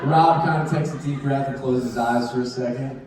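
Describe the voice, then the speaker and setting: A man's voice: medium pitch, steady tone, brisk, very noisy. A man telling a self-mocking comic story on stage, acting out the sounds as he goes. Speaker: convention panel performer. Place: large convention hall. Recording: echoey hall, distant mic, audience. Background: audience laughter and murmurs.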